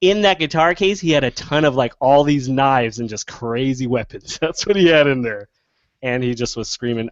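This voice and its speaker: A man with a New York accent, a podcast co-host, telling a story in lively casual chat and laughing as he goes. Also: medium pitch, moderate pace, dry recording, highs cut off. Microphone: video call.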